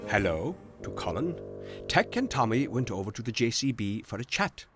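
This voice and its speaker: A man narrates a preschool storybook in a gentle, steady way. His pitch sits in the middle range. Music plays clearly underneath his voice. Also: moderate pace.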